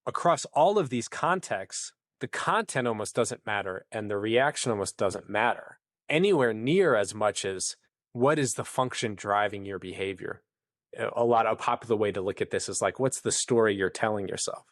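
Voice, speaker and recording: A man's voice: lowish voice, expressive, normal speed, fairly bright tone, no echo, clean studio sound. A man, a podcast guest, explaining at length in an earnest conversational way, acting out the inner voices of the people he describes. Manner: long-winded, earnest, acts out inner voices.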